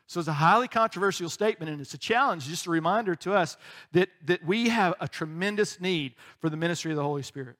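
Guy pastor with a fairly high voice, chatty sermon, jokes around and does little voices, keeps saying right?. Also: fast talker, a bit bright. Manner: conversational, joking, acts out voices, frequent "right?".

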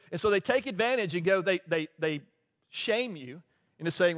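A man with a rather high voice preaches in a loose, chatty way, often tossing out "right?" and chuckling between points. The sound carries the long reverb of a large hall. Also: fairly quick, fairly bright tone. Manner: conversational, laughing asides, frequent "right?". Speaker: pastor. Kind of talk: sermon.

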